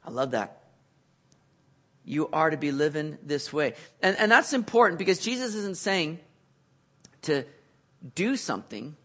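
Man preaching, high voice, earnest sermon, swings between emphatic peaks and quiet lows. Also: very animated, measured pace, long pauses. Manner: earnest, rising to emphatic peaks then dropping low.

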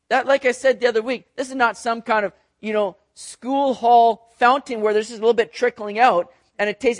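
A middle-aged man preaching a conversational sermon, animated, talking to the congregation with asides and acted-out quotes. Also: sits high, no echo, studio quality. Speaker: pastor.

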